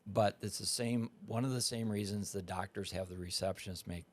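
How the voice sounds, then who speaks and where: A man's voice: on the low side, fairly even intonation, fairly quick. A man in the car business, chatting casually on a podcast and making his points with everyday examples and "right?".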